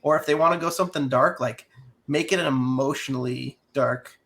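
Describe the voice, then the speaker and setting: A man's voice: medium pitch, a little fast, creaky, fairly bright tone. A man co-hosting a podcast, talking in rambling, hesitant casual chat. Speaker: podcast co-host.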